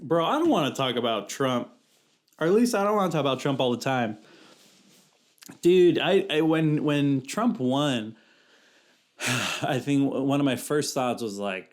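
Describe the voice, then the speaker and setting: A man's voice: fairly high pitch, expressive, measured pace, long pauses. A young man from California hosting a solo podcast, chatting casually in a rambling, slangy way that keeps interrupting itself. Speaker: podcast host.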